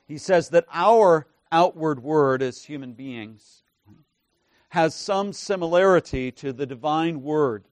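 A man teaching a class, stressing key words and often checking in with his listeners by asking "right?". His volume swings between loud emphasis and soft, drawn-out phrases. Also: a little high, dry recording. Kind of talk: lecture to a class.

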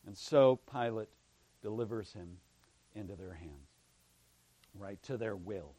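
A man preaching a sermon, building to loud emphatic passages and dropping to hushed tones, often checking in with a "right?". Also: lowish voice, slow, no room sound. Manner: preaching with swells of emphasis and sudden hushed drops; frequent "right?" asides to the congregation. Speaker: pastor.

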